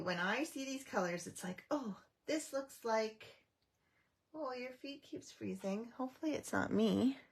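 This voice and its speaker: A woman's voice: a little high, breathy edge. A middle-aged woman from Canada hosting a casual craft live stream, chatting with viewers, greeting them by name, with frequent ums and restarts.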